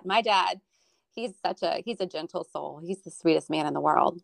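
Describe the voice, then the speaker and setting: A woman's voice: fairly low pitch, moderate pace, creaky, dry recording. A woman from Florida chatting casually and telling stories about her family, with many restarts. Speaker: guest. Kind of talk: casual chat. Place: Northern Virginia.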